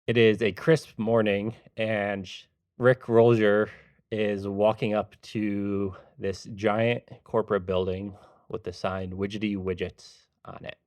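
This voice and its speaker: A man narrating the scene as game master of a tabletop role-play, in a measured, descriptive way. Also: on the low side, flat delivery, a little mellow, dry recording.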